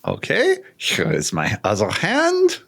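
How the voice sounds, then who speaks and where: A man's voice: lowish voice, wildly swooping pitch, slow, vocal fry, a bit bright, exaggerated voice. A man voicing a cheerful, bumbling male druid who chirps apologies and drops a German phrase, in a tabletop role-play. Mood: chirpy.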